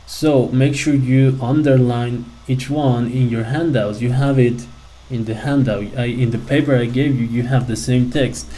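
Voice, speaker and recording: A male English teacher talks a class through a grammar lesson at an unhurried, deliberate pace. His voice is mellow and soft-edged, and he keeps pausing to check that the students are following. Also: medium pitch, fairly even intonation, low-quality recording. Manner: slow, patient explaining with frequent check-ins. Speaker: ESL teacher.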